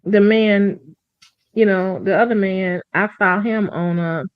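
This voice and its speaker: A woman chats casually on a talk show, telling rambling stories and slipping into the voices of the people she describes. Her voice sits at a middling pitch for a woman. It is recorded dry, with no room around it, and sounds a little muffled and lo-fi. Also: steady tone, measured pace, clear, resonant tone, dry recording. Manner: rambling storyteller who acts out quotes. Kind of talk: casual chat.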